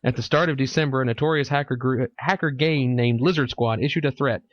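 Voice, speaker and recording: A man's voice: medium pitch, brisk. A man hosting a casual podcast, chatting crudely and reading news articles aloud. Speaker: podcast host. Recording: dull lo-fi podcast mic.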